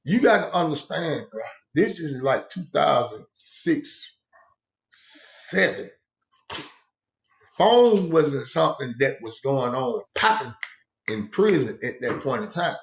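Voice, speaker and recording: A man's voice: fairly high pitch, lively intonation, takes it slowly, creaky. A man casually telling a story from his own past, rambling with slang and many asides. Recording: echoey room.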